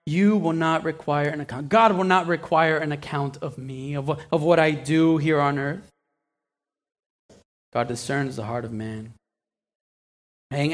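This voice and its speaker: Speaking on the high side, this man delivers a sermon in a chatty style. He asks the congregation questions, performs small asides, and often starts over or repeats himself.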